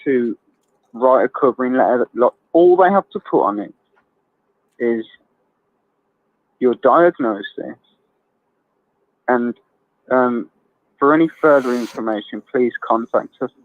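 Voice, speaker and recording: A man calling in to a live stream, blunt and quick to laugh. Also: mid-range voice, animated, no room sound. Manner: blunt, laughs often, swears habitually. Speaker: caller. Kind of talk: casual chat on a phone line. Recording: dry tinny phone line.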